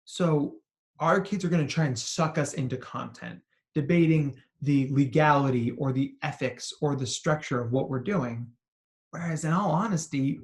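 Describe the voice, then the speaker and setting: A man, a psychologist, giving an animated talk to parents and educators, telling stories and asking questions. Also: fairly high pitch. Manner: animated storytelling with acted quotes and asides. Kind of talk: expressive talk to an audience.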